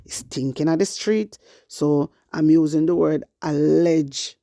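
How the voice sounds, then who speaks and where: A commentator from Jamaica holds forth to their viewers in a fiery way, slipping between patois and standard English. The voice has a gravelly edge. It sounds close and dry, with no room echo. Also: medium pitch, measured pace, warm tone. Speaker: online political commentator.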